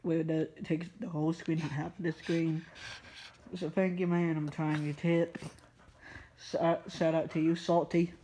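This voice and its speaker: A vlogger filming at home on a phone, chatting to viewers and cooing excitedly at the pet dog with sudden high-pitched jumps. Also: moderate pace, slight background noise. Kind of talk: casual home vlog. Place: home living room with pets. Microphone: phone camera held sideways.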